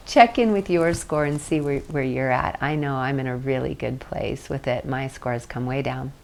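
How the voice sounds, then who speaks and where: A woman leading a guided tapping session, speaking slowly, repeating phrases, and laughing often. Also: a bass voice, gravelly, darkish tone. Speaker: tapping instructor.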